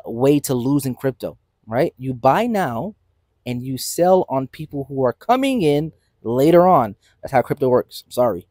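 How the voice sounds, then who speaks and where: A man's voice: mid-range voice, no room sound. Emphatic man giving casual crypto commentary. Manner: animated, emphatic, repeats "right?" for emphasis. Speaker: crypto channel host. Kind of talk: casual unscripted market commentary.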